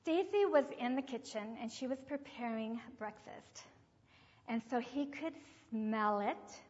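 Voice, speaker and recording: A woman with a fairly high voice preaching and telling stories, acting out each voice she quotes. The sound is dull and lo-fi, with a long reverb trailing off the walls of a large hall. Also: unhurried. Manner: animated storyteller who acts out quoted voices. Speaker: religious speaker. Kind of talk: sermon with storytelling.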